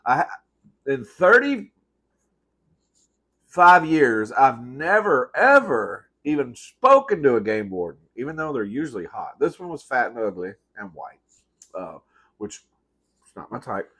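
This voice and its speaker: A man's voice: mid-range voice, very animated, measured pace, long pauses, a bit bright, husky. A man in his thirties hosting a comedy eating show at home, telling rambling, sassy stories full of swearing and calling listeners "girl". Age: 30s. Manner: rambling, self-correcting. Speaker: host. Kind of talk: comedic storytelling while eating.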